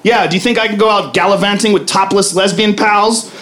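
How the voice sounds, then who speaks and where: A man doing a profane stand-up comedy routine on a club stage, brash with loud punchlines. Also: sits high, fairly even intonation, a little fast. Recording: live club recording, audience laughter. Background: crowd laughing.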